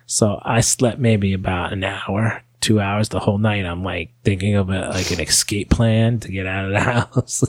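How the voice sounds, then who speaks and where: A man's voice: fairly low pitch, fairly even intonation, normal speed, hardly any pauses, dry recording. A man calling in and telling a rambling story in casual talk, full of fillers, restarts and swearing. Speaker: caller.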